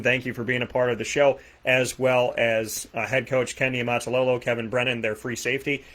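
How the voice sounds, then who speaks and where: A man with a Boston accent hosting a sports talk show, rattling off plugs and shout-outs with energy. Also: mid-range voice. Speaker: host. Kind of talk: energetic radio show sign-off.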